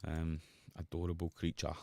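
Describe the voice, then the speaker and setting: A man's voice: a bass voice, completely flat delivery, normal speed, creaky, darkish tone, no echo, clean studio sound. A man with a Glasgow-area Scottish accent, chatting casually and joking with viewers while producing music on a livestream. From Scotland. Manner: joking banter with chat, rambling.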